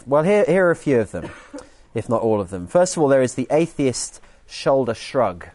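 Man, preacher, sermon, earnest teaching, restarts sentences, mid pitch, dry close sound. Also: expressive, a little fast, a little mellow, no room sound. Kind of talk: sermon with group activity.

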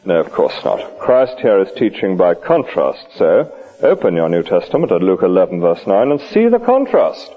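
A man preaches at a midday church service, his husky voice swinging widely up and down. He keeps asking his listeners questions and answering them himself. The recording is dull and lo-fi, like an old archive tape. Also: deep voice, moderate pace. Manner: lively, questioning preaching with rhetorical asides. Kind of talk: sermon. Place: church at a lunch hour service.

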